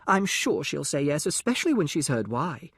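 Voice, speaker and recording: A man reading as a sheltered, excitable young girl, pitched up high and breathless, her well-spoken gushing swinging all over the place. The audiobook voice is dry and close. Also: normal speed, husky, no echo, exaggerated voice. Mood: earnest.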